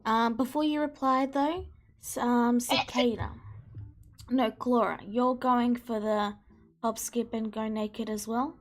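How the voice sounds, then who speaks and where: Slow, higher-voiced woman game master. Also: steady tone. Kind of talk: running a tabletop game.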